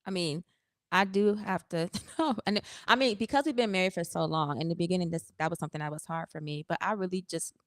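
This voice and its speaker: A woman's voice: on the low side, fast talker, no room sound, clean studio sound. A woman who is the pastor's wife, co-hosting a church podcast and speaking candidly about marriage. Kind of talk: casual chat on a church podcast.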